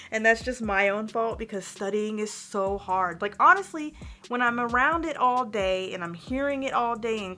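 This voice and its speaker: Young woman rambling through a vlog update, bright voice, faint music under it. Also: medium pitch. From United States. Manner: candid, chatty, ranting, many fillers. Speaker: vlogger, teacher in Japan.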